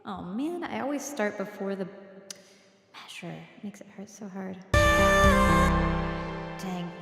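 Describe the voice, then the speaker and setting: A woman's voice: medium pitch, animated, slow, gravelly, roomy sound, big-room sound, music in the background. A woman livestreaming a songwriting session from her home studio, chatting casually and talking herself through takes. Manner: chatty, self-deprecating, talks to herself while working. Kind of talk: casual livestream chat while recording.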